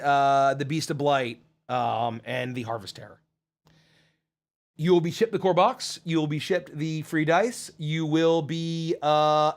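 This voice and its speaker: Man, high-pitched voice, livestream host, hyped shout-outs, swears casually, drops to low mumbles. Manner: excited, swears casually, swings from loud hype to low mumbles. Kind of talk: live Q&A reading chat comments.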